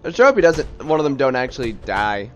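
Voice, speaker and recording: A man's voice: medium pitch, very animated, fast, dull audio, soft background music. A man giving chatty, self-mocking commentary while playing a game. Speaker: let's-play host. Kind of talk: casual gaming commentary.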